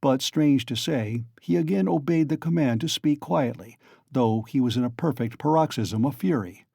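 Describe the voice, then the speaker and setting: A man narrating a classic novel as an audiobook in a measured storytelling manner. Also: mid-range voice, vocal fry, dark tone, breathy edge, no echo, studio quality. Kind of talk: scripted narration.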